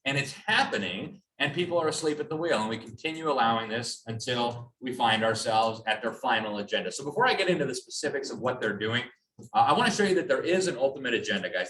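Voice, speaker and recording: A man's voice: mid-range voice, a bit bright. A man giving a public talk with slides to a live audience, emphatic and sarcastic in tone. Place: hall with an audience. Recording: echoey hall, from a distance.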